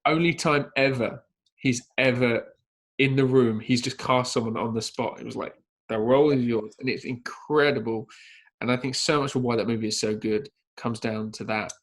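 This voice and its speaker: A man co-hosting a casual film podcast, telling an anecdote in a lively way and acting out the quotes. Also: medium pitch, moderate pace. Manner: lively storyteller who acts out quotes. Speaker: podcast co-host. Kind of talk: casual podcast chat about films.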